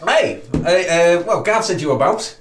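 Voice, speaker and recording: A man's voice: high voice, expressive, unhurried. A man playing a tabletop game, upbeat and eager. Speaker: player. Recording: roomy room.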